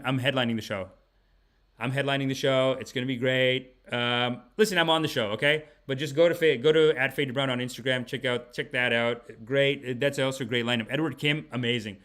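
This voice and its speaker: A man hosting a comedy podcast, telling rambling casual stories with animated energy and frequent laughter. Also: mid-range voice, a little fast. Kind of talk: casual comic storytelling.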